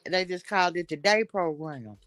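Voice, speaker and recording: A woman's voice: fairly low pitch, animated, moderate pace, fairly bright tone, no room sound. Blunt, gossipy woman host. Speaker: show host. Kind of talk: casual gossip chat.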